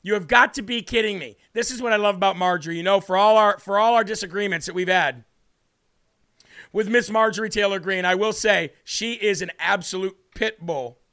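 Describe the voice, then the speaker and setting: A man's voice: high-pitched, a little fast, fairly bright tone, clear, resonant tone. A man hosting a political commentary show, combative and mocking, with emphatic delivery. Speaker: host.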